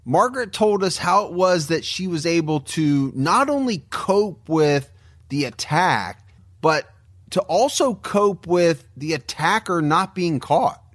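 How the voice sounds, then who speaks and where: A man narrating a documentary in a measured, scripted way. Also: fairly high pitch, animated, fairly bright tone.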